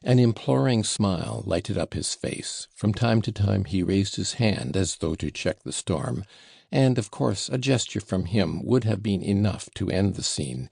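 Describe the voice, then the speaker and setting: A man reads a classic novel as an audiobook, measured and deliberate. His voice is very deep, gravelly and a little husky. The recording is close and dry. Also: expressive, a little mellow, dry recording. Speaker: audiobook narrator. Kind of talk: scripted narration of a classic novel.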